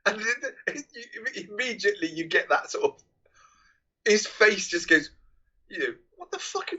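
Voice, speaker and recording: A man co-hosting a film podcast, retelling scenes in a lively way and acting out the lines with frequent laughs. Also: high voice, a little slow. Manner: animated retelling, acts out scenes, laughs often. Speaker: podcast co-host. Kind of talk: casual film chat. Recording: dull lo-fi mic recording.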